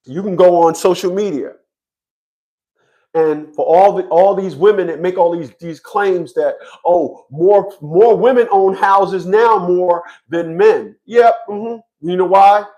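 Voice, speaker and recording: A man's voice: a little high, dark tone. A man giving a blunt, profane monologue to his viewers, often stammering and restarting his sentences. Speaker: online commentator on child support.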